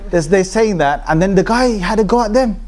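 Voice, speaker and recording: Male lecturer with a slightly raised pitch, telling lively stories and laughing as he talks. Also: fairly quick. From Britain. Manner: lively, laughs often, mimics other speakers. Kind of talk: animated storytelling lecture.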